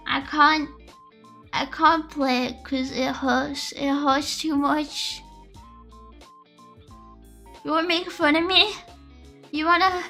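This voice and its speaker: High, bright-voiced young woman streamer. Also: vocal fry. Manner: rambling, melodramatic ranting to chat. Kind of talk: casual livestream chat. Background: faint lofi music.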